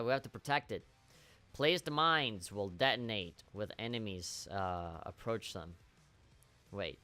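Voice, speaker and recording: A man's voice: on the low side, pushed and bright. Wry profane male streamer. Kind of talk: live gameplay commentary.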